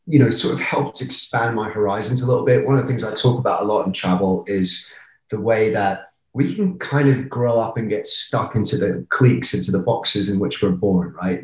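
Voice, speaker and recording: A man from the south coast of England, English accent with an American r, a travel writer talking casually in an interview, laughing often and reflective. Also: fairly low pitch. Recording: roomy echo.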